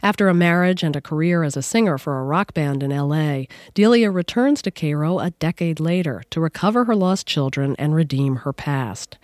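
Measured radio host woman, dry studio. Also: low-pitched, a little mellow, no echo. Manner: measured and composed, hesitant when asking questions. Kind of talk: scripted radio introduction and interview. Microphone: studio microphone.

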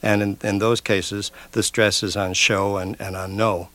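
An older man, a lyricist, answering questions in a radio interview in a reflective, measured way. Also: fairly low pitch, level tone, fairly bright tone. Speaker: lyricist guest. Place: radio studio. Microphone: studio mic.

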